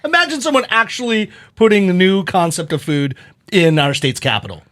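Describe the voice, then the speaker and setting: A man hosting a podcast in casual chat, telling stories animatedly and jumping up in pitch when he quotes people. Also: expressive, a little fast, a bit bright, no room sound, studio quality. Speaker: podcast host. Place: studio.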